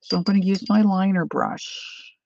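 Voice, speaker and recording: Gravelly-voiced woman chatting through a painting lesson. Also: medium pitch, steady tone, normal speed, a little mellow, dull audio, slight background noise. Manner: chatty, drifting into side stories while painting. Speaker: painting tutorial host. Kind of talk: casual painting demonstration.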